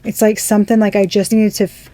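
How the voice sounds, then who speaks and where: A woman's voice: mid-range voice, level tone, quick pace, mellow, no room sound. A young woman giving a casual tarot reading, rambling and swearing in amazed disbelief. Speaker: tarot reader.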